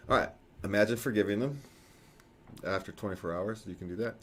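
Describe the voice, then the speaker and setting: A man's voice: on the low side, a little fast, a little hiss or hum. A man co-hosting a casual talk show, rambling and correcting himself, chuckling often. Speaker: podcast co-host. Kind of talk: casual chat.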